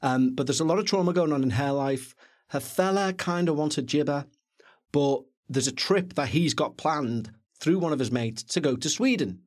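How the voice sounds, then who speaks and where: Chatty man with a lively voice. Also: a little high, moderate pace. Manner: chatty, jokey, animated. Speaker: podcast co-host. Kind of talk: casual film review chat.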